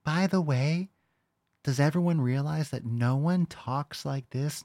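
A man's voice: on the high side, unhurried, a little mellow, no room sound, clean studio sound. A male podcast host doing crude, mocking reaction commentary on video clips.

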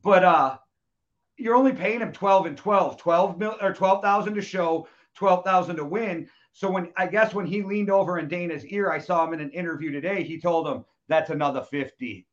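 A man with a fairly high voice hosts a loose, joking chat and swears freely. His recording sounds dull and lo-fi. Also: normal speed. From United States. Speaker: podcast host. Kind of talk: casual chat.

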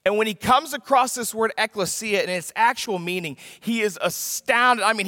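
A man's voice: very high-pitched, sharp tone, studio quality. A man preaching a sermon with emphasis, repeating his key lines for the congregation to write down. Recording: long reverb of a large hall.

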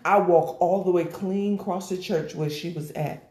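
A woman sharing a personal church testimony in an animated storytelling way, acting out the voices of the people in it. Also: on the low side, moderate pace, a loud crowd. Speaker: guest. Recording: echoey room.

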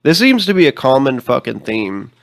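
A man with a cold, his voice deeper than usual, chatting casually as podcast co-host and swearing freely. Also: very animated, moderate pace, vocal fry, dry recording, studio quality. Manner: casual, profane, joking. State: sick with a cold. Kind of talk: casual chat.

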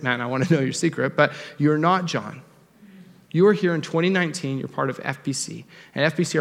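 Young pastor preaching in a reverberant church. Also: male voice, a little high, vocal fry. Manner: animated, joking, conversational preaching. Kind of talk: sermon. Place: church sanctuary. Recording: long reverb of a church hall.

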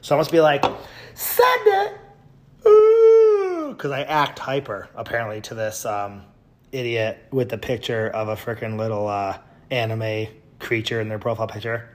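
A man hosting a podcast, reading out tweets with sarcastic, mocking commentary and sudden loud yells. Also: on the low side, fairly even intonation, moderate pace. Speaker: podcast host.

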